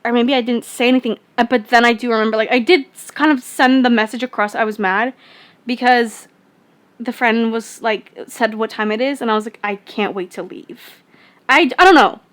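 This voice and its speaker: A woman's voice: on the high side, fairly even intonation, brisk, clean tone. A young woman vlogger rambling casually through a personal story, full of fillers and restarts.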